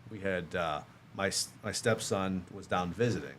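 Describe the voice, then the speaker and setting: A man's voice: low voice, normal speed, a bit bright, a little hiss or hum. A man in his fifties telling a casual, self-mocking story as a podcast guest. He acts out the other people in the story as he goes. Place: podcast studio.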